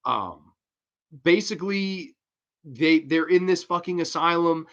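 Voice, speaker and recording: A man's voice: fairly high pitch, slow pace, a bit bright, dull audio. A man hosting a casual show, bluntly and profanely ranting through a horror movie review.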